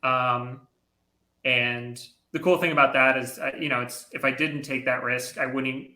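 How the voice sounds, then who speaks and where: A young adult man speaks candidly as an interview guest, halting often with ums. His tone is bright and even, with little rise and fall. The sound is roomy and echoey. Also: medium pitch. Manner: earnest, hesitant, many ums. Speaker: comic artist guest.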